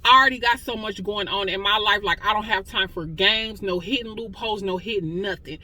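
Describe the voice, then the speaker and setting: Weary, impassioned woman with a bright voice. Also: medium pitch, fairly quick, low-quality recording. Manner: impassioned, conversational, addresses listeners as y'all. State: weary, close to tears. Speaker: testimony speaker. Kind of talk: emotional personal testimony.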